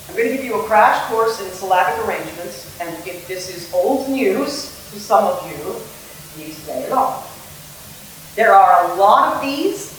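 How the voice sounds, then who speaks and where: A woman's voice: medium pitch, a little hiss or hum. A woman theatre director giving a playful lecture on verse meter, acting out rhythms as she explains. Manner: playful, sings and acts out rhythms. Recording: echoey room, mic at a distance.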